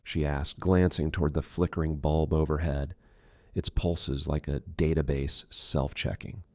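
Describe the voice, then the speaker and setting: A man reading an audiobook thriller in measured, dark scripted narration. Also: extremely low pitch, flat delivery, dry recording, clean studio sound.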